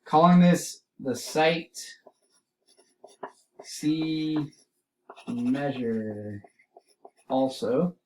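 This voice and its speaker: A man's voice: on the high side, steady tone, dark tone, distant mic, a little hiss or hum, low-quality recording. Man teaching drawing, drifting from the mic. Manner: explains step by step, repeats key terms slowly. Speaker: art teacher. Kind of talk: recorded drawing lesson, demonstrating.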